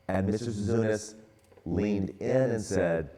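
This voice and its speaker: A man in his sixties from the San Francisco area gives a relaxed, storytelling church talk, full of casual fillers. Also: deep voice, normal speed. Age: 60s. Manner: relaxed, conversational, many fillers. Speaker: church ministry speaker.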